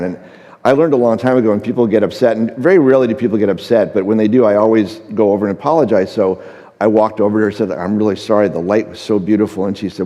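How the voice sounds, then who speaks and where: A man's voice: lowish voice, steady tone, fast talker, warm tone, big-room sound. A middle-aged man, a photographer speaking on a conference stage, tells an anecdote and acts out the dialogue, with frequent fillers. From United States. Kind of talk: storytelling talk on stage. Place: large conference stage before an audience.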